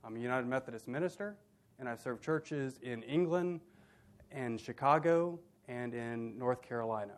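A middle-aged man, a minister, hosting a university dialogue event. He gives a formal, measured introduction with a touch of dry humor. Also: mid-range voice.

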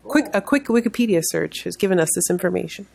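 A woman's voice: fairly low pitch, animated, fast, vocal fry, a little mellow, slightly rough. A woman co-hosting a podcast, chatting with a guest in a playful, easygoing way. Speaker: podcast co-host. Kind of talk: casual interview chat.

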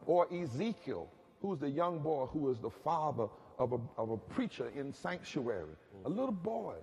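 A man's voice: mid-range voice, big pitch swings, normal speed, hardly any pauses, a little mellow. Preaching man in a reverberant hall. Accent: Southern US. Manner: rhythmic, rising to emphatic preaching peaks. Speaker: pastor and activist panelist. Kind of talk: preacherly storytelling. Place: large chapel hall.

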